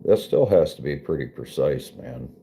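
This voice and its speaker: Low-voiced guy streaming, swears a lot, jokes around, slow and really mellow tone. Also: lively intonation, vocal fry. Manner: profane, joking, laughs often. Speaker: streamer chatting with viewers. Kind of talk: casual chat.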